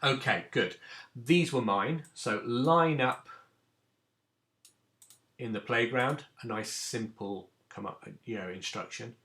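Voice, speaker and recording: A man's voice: medium pitch, takes it slowly, pauses often, bright, forceful tone. A man, a teacher giving a recorded lesson to children and explaining each step patiently. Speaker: primary school teacher.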